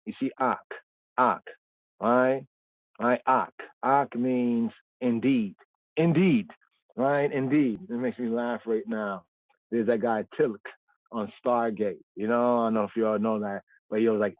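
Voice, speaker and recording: A man's voice: medium pitch, dry recording. Man, scripture teacher, explanatory, repeats "right?", tinny phone-like sound. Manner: explanatory, repeats words and says "right?" often. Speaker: Bible study teacher. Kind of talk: livestream scripture study. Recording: tinny phone-like line, dry.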